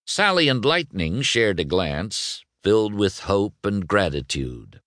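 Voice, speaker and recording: Slow, expressive male storybook narrator. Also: on the low side, dry recording, clean studio sound. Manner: expressive, voices every character. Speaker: audiobook narrator.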